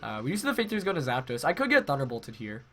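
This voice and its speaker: A congested young man talks through his match in a bright, forward voice, thinking aloud and correcting himself as he goes. Faint music plays underneath. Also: medium pitch, wildly swooping pitch, fast. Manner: thinks aloud with many fillers and self-corrections. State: congested from a cold. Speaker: game commentator. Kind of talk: casual play-by-play commentary.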